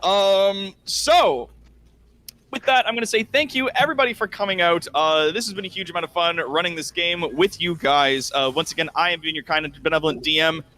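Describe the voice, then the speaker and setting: A man narrating a tabletop game as game master, in a relaxed way with many fillers. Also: fairly high pitch, brisk.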